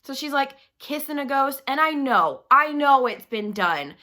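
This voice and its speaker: Young woman, vlogger, casual ranting book review; slightly high, bright tone, filler-heavy and profane. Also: big pitch swings, unhurried. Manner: chatty, swears freely, heavy use of "like". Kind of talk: casual vlog rant.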